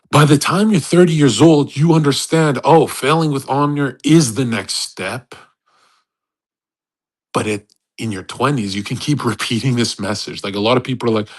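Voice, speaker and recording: A man in his thirties hosting a livestream, giving a blunt, profane motivational rant and acting out quoted voices. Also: mid-range voice. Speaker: host. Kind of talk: livestream monologue.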